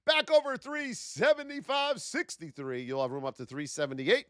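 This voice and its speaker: Hyped up on a live trading stream, a trading educator in his thirties calls out viewers by name and dubs them his beauties. His high voice moves at normal speed with a slightly bright tone, recorded at studio quality without echo.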